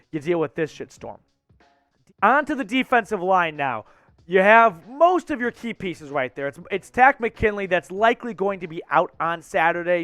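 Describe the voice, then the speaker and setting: A man hosting a sports news channel, talking fast and excitably, blunt and a bit out of breath. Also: high-pitched, no room sound. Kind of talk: energetic sports news commentary.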